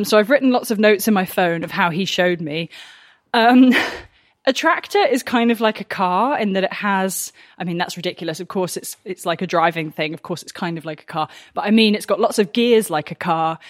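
A young woman chatting casually in a farm vlog, nervous and quick to laugh, talking from a tractor cab. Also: mid-range voice, no echo, studio quality. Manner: chatty, nervous, laughs often, exclaims a lot. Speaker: farm vlogger. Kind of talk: casual vlog talk to camera.

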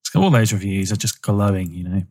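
A podcast co-host who speaks in a husky, warm voice. He reads and chats casually and drops in dry jokes. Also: fairly low pitch, animated, brisk. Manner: joking, dry. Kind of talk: casual chat.

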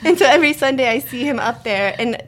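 A woman's voice: sits high, quick pace. A woman co-hosting a podcast, telling a funny story with lots of laughter in casual chat. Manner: laughing storyteller, animated retelling. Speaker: podcast co-host.

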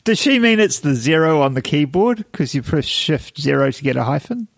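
A man's voice: fairly high pitch, big pitch swings, moderate pace, gravelly, dry recording, studio quality. A man, co-hosting a podcast, explaining things in a matter-of-fact casual chat. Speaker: podcast co-host.

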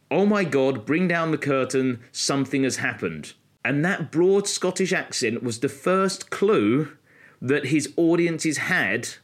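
Man telling stories, slowing for drama. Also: fairly high pitch. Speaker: podcast co-host explaining magic history. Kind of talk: casual podcast storytelling.

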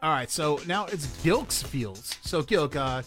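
A man hosting a podcast in crude casual comedy chat, joking loudly and laughing often. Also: on the high side, animated, measured pace, soft background music. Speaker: podcast host.

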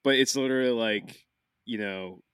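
Rambling podcast host guy, bright voice, swears a lot, dry sound. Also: mid-range voice, moderate pace, clean tone, no room sound. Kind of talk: casual chat.

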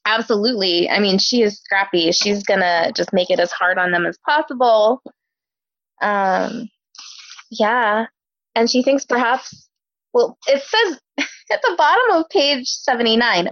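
A young adult woman from Omaha, Nebraska co-hosts a casual book podcast, chatting with lots of ums. Her voice is fairly high, a little slow and a bit bright. The audio is dull, with no room sound.

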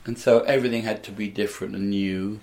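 A man's voice: lowish voice, steady tone, fast talker, a little mellow, slight background noise. An older man from England, a comedian and musician, telling rambling anecdotes in a casual interview.

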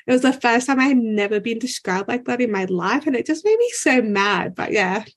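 Speaking briskly and with plenty of animation, this young podcast guest has a fairly high voice. Her conversational storytelling is candid and frank, peppered with "like" and offhand profanity.

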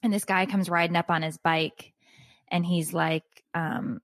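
Animated woman telling a story, low voice. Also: moderate pace, no echo. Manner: animated storyteller acting out quotes. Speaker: podcast co-host. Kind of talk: casual storytelling chat.

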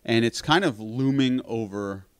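A man telling a long story in casual conversation, animated, swearing freely and laughing at his own account. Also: mid-range voice, a little slow, clean tone, no room sound, clean studio sound.

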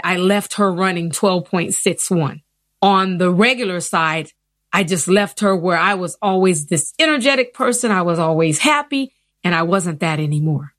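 Earnest woman with a low voice. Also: no room sound, studio quality. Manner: earnest, animated retelling with acted quotes. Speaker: interview guest. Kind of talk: personal storytelling.

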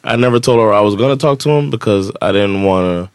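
A man with a fairly low voice tells a personal story on a podcast, casual and animated. He slips into the voices of the people in his story as he goes. The sound is dry and close, with no room around it. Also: quick pace, smooth, dry recording. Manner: animated storytelling, acts out quoted dialogue. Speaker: podcast co-host. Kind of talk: casual chat.

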